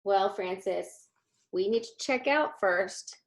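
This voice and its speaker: A woman voicing a calm, patient mother in a read-aloud children's book. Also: medium pitch, slow.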